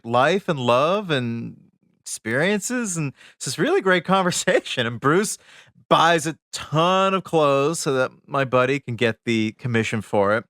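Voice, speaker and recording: A man co-hosting a podcast, spinning an anecdote with a voice that swoops up and down through a wide range. His delivery is casual and animated, sinking to a murmur for asides. The sound is dry and close, with no room echo. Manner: animated storyteller, drops voice low for asides. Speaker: podcast co-host. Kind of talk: casual chat, storytelling.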